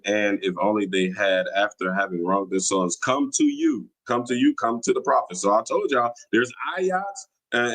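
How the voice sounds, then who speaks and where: A mid-pitched man hosts a religious livestream. He argues insistently, throws out challenges and restarts phrases as he reads viewer comments aloud. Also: a bit bright, rough recording. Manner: argumentative, challenging, repeats himself. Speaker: livestream host.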